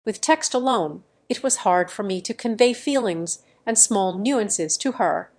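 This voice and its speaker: Gentle woman narrating a romance audiobook. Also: medium pitch.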